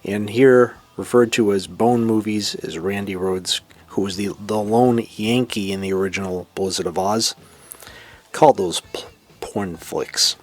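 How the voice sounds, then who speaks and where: A man with a Boston accent hosting a solo classic rock show, talking with excitement and now and then singing bits of lyrics. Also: lowish voice, a little slow. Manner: enthusiastic, sings lyrics and imitates singers. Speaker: podcast host. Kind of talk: casual solo music commentary.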